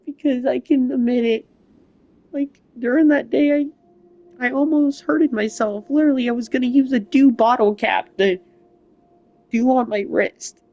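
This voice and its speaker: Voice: high-pitched, darkish tone, no room sound, lo-fi sound. Emotional young gamer giving an update. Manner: emotional, halting, rambling. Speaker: gaming channel host. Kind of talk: personal update vlog. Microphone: console mic without camera.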